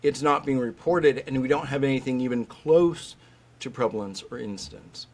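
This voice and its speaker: Animated male vet on a podcast. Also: mid-range voice, normal speed. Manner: animated storyteller, acts out quoted voices. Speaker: veterinary specialist guest. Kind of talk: podcast interview.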